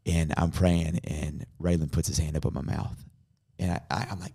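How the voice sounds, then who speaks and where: Low-voiced pastor sharing an earnest story. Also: male voice, flat delivery, brisk, gravelly, few pauses, slightly rough. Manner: earnest storytelling, softening to a hush in emotional moments. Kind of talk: personal story in podcast conversation.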